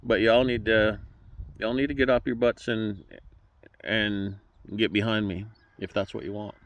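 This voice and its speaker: A man's voice: lowish voice, fairly even intonation, measured pace, muffled recording. An emotional man speaking as a political candidate, folksy and fervent, often repeating words as he restarts. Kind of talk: direct-to-camera campaign address.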